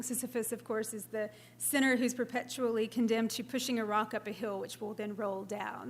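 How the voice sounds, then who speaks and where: Casting note: woman, translator lecturing on verse, measured delivery, slightly high voice. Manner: measured, scans meter aloud. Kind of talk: academic lecture, partly read aloud.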